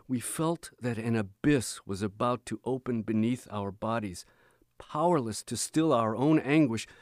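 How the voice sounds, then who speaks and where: A man reading a book chapter aloud in a measured, expressive audiobook narration. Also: medium pitch, no echo, clean studio sound. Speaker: audiobook reader.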